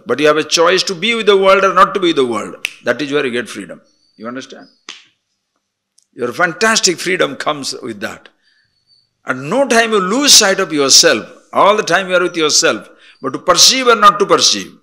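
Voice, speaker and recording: An older man with a slightly high voice gives an animated spiritual discourse as a teacher. He moves between emphatic declarations and soft, murmured asides.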